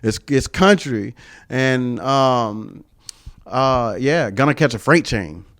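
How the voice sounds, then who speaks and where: A man's voice: medium pitch, expressive, takes it slowly, a bit bright, no echo, studio quality. A young man from South Carolina, a podcast guest chatting casually and rambling, often asking "you know what I'm saying". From South Carolina, USA. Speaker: podcast guest, comedian and karaoke singer. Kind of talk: casual interview chat.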